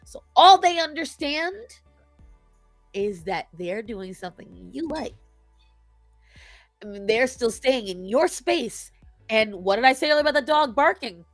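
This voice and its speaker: Chatting casually about pet behavior on a talk show she co-hosts, a woman with a fairly high, expressive voice speaks a bit slowly with long pauses. She's emphatic and opinionated, acting out quotes, over soft background music with no echo.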